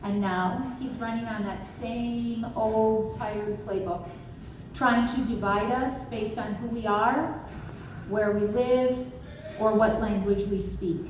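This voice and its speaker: Slow, deliberate woman speaking at a rally. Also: fairly high pitch, steady tone, highs cut off. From southwestern Minnesota. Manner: measured, emphatic, folksy asides with light laughs. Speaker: political campaign speaker. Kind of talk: campaign rally speech. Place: restaurant event room. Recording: echoey, distant room recording with crowd noise.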